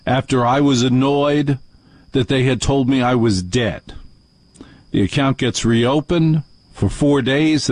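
A man's voice: mid-range voice, no echo. Radio host guy grumbling wryly about his bank, dead-dry mic. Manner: wry, indignant complaining. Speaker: radio talk show host. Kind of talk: call-in radio talk.

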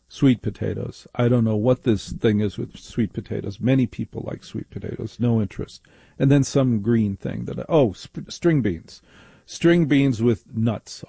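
Middle-aged male talk radio host, gravelly and husky, emphatic mock-outrage storyteller, close dry studio sound. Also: mid-range voice, mellow, no room sound. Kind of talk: call-in radio monologue.

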